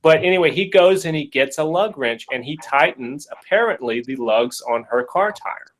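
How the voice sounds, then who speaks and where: A podcast host with a slightly high voice retells a case at normal speed, jokey, casual and animated as he acts out the quotes. It's casual storytelling, and the audio quality is poor.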